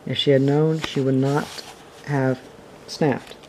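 A man reading a classic children's novel aloud in a steady, expressive storytelling manner. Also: medium pitch, takes it slowly, noisy background. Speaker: reader. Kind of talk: audiobook reading.

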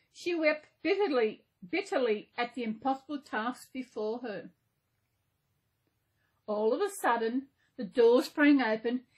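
High, breathy woman reading a storybook. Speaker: channel host reading a story.

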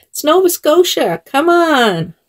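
A woman's voice: high-pitched, very animated, slow. A woman vlogger chatting casually while she dresses dolls, talking in a chatty way and laughing often. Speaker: doll channel vlogger.

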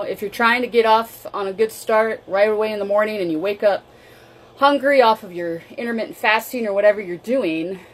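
A woman's voice: mid-range voice, slight background noise. A woman chatting casually on her vlog while she makes a coffee drink, moving around as she talks so her voice comes and goes. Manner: chatty, loose and conversational. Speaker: wellness vlogger. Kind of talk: casual cooking demo chat.

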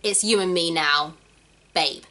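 A woman hosting a casual chat, animatedly retelling a musical's plot and acting out the characters. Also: fairly low pitch. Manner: animated, acts out characters in quick voices. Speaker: channel host explaining a musical.

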